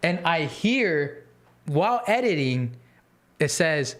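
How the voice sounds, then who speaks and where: Podcast host, man, fairly high voice, animated rambling storyteller. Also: moderate pace. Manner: animated, rambling with fillers and restarts. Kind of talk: casual storytelling.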